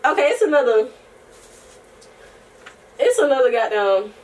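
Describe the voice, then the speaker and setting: A young woman talking to her camera in a loose, rambling vlog, full of slang and swearing and quick laughs. Her voice sits a little high and swings up and down freely as she talks. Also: very animated, distant mic. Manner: chatty and rambling, slangy and profane, laughs often; breaks into soft singing. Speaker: vlogger. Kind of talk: casual chat to camera.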